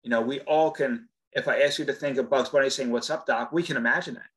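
A man's voice: mid-range voice, steady tone, quick pace, fairly bright tone, poor audio. Chatty male voice actor guest. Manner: chatty, many fillers and restarts. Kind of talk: casual interview chat.

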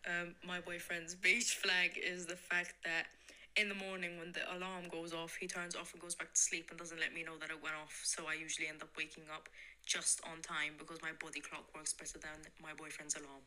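Low, sharp-toned woman with an unusual accent. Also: level tone, brisk, rough recording. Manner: unusual accent, matter-of-fact. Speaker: listener sending a voice message. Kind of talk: casual voice message.

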